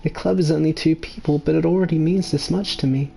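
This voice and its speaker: A man reading the lines of a gentle, earnest schoolgirl from a visual novel, in a soft, slightly raised voice. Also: a little high, fairly even intonation, fast talker, vocal fry, faint music behind, pitched above the performer's own voice.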